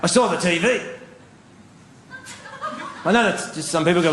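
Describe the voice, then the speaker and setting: Ranting high-voiced man, echoey venue. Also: sing-song, normal speed, long pauses. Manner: profane, ranting, exasperated. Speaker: stand-up comedian. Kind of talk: stand-up comedy routine. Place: live comedy venue with audience. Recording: echoey live venue with noise.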